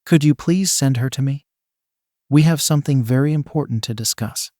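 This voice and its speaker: A man's voice: medium pitch, normal speed, no echo, clean studio sound, close to an everyday voice. Man reading as a polite menacing villain boss. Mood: calm. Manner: smooth, courteous, quietly threatening.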